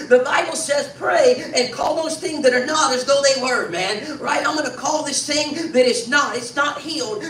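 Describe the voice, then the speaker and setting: A man's voice: very high-pitched, sharp tone. A man preaching a sermon, earnest and conversational, often tagging his sentences with "man" and restarting his phrases. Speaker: pastor. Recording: distant mic in an echoey room with faint noise.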